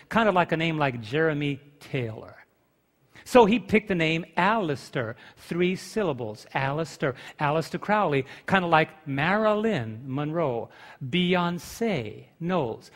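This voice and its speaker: Pastor guy preaching, pretty high voice, lots of echo from the church hall, keeps asking the crowd questions. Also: a bit bright. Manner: emphatic preaching with rhetorical questions to the congregation. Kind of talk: sermon. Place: church sanctuary.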